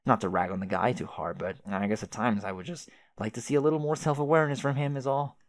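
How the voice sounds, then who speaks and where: A man's voice: mid-range voice, steady tone, fast, no echo, close to an everyday voice. Give me a man playing a chatty, clueless young adventurer with folksy sayings, recorded dry and close. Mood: rambling. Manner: rambling, old-fashioned folksy exclamations.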